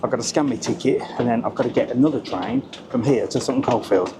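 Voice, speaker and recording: A Brummie travel vlogger from the Birmingham area of England films a casual vlog on the move through noisy train stations. His mid-range voice is quick, and he chats and grumbles, swearing offhand.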